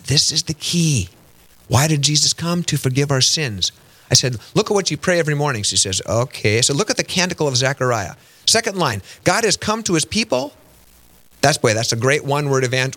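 A man hosting a faith radio talk show, teaching with animated storytelling and frequent rhetorical questions. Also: fairly quick. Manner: animated storytelling, acts out quoted voices with big pitch jumps. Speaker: radio host. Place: radio studio.

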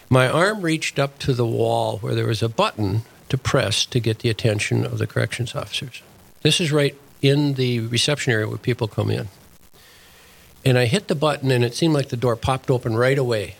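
A man's voice: medium pitch, a little fast, creaky, rough recording. An older man, a deacon and prison chaplain, telling a story in plain, earnest words as an interview guest.

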